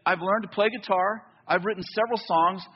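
A man preaching a sermon in a church, telling a story with lively back-and-forth dialogue. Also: high voice, brisk, breathy edge, dull audio. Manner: animated storytelling, acts out both sides of dialogue. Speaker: pastor.

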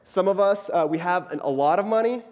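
A young man preaches in a loose, chatty way, often asking his listeners for agreement. His voice sits a bit higher than most men's. It carries a long echo, as if recorded in a large hall. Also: fairly quick, a little mellow. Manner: chatty, frequently asks "right?". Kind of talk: conversational sermon.

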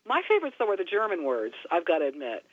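A woman's voice: on the low side, wildly swooping pitch, quick pace, no echo. A woman guest chatting playfully about words, laughing as she talks. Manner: playful, laughs while talking. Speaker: co-author guest. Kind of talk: casual chat. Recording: tinny phone line.

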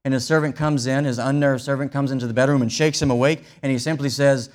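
A man's voice: mid-range voice, quick pace, few pauses, darkish tone. A man preaching a sermon, explaining a scripture passage in a wry, conversational way with vivid retellings. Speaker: pastor.

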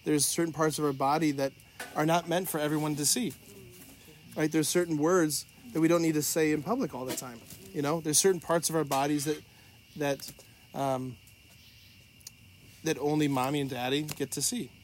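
A middle-aged man with a high voice tells stories from teaching sex education, acting out his students with a quick laugh. He shifts from loud retellings to soft, careful advice for parents. A faint hiss sits under the recording. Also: steady tone. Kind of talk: animated storytelling and advice.

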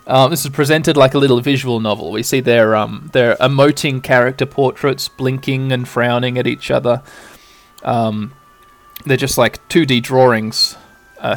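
A man's voice: mid-range voice, gravelly. Man casually narrating a game. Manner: relaxed, rambling, with filler ums. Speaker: podcast host.

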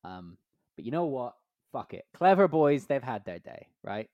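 A man's voice: mid-range voice, big pitch swings, moderate pace, dry recording, dull audio. A man co-hosting a comedy podcast, riffing through playful made-up scenarios with lots of filler. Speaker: podcast co-host.

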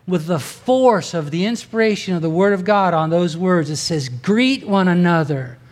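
A man's voice: sits high, normal speed. A man preaching a sermon in an earnest, conversational way, rising in force for emphasis. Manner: conversational with asides and restarts. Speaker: pastor.

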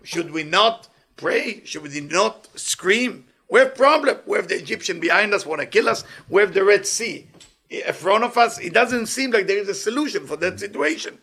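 A man gives a weekly Kabbalah lesson in a high, bright, sharp voice. He speaks full of Hebrew phrases. He keeps asking and repeating questions with animated energy. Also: normal speed, husky. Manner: mixes Hebrew phrases into English. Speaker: Kabbalah teacher.

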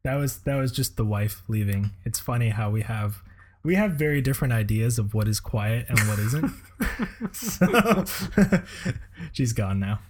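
A man's voice: mid-range voice, lively intonation, a little slow, darkish tone, slight background noise. A man co-hosting a podcast, chatting in an easygoing way with dry quips. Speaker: podcast co-host. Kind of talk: casual chat.

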